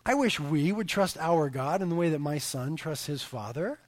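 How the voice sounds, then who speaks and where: A man in his thirties, a pastor preaching a sermon and telling family stories in an animated way, his voice swelling for emphasis. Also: a little high, moderate pace.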